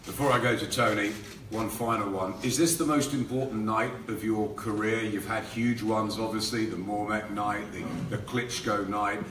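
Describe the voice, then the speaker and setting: Press conference host asking hyped questions. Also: male voice, lowish voice, steady tone, normal speed. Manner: leading questions, builds up the fighters. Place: hotel conference room. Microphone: room mic, heard from a distance. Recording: echoey room, distant mic, faint noise.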